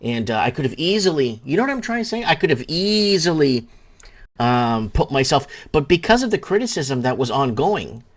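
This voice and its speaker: A man's voice: fairly high pitch, big pitch swings, normal speed. Rambling man hosting a call-in chat. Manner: rambling, anecdotal. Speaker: host.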